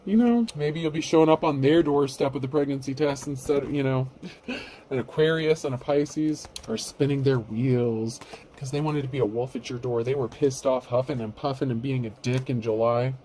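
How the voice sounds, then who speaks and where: A man's voice: medium pitch, moderate pace, dark tone, a little hiss or hum. A man giving a casual, rambling tarot reading, blunt and freely swearing. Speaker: tarot reader.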